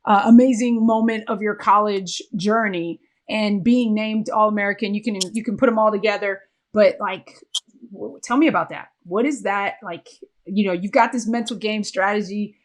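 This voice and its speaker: A woman's voice: medium pitch, steady tone, moderate pace. Woman, podcast host, casual interview chat, gushing, lots of "like" and "you know". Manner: enthusiastic, gushing praise with many fillers.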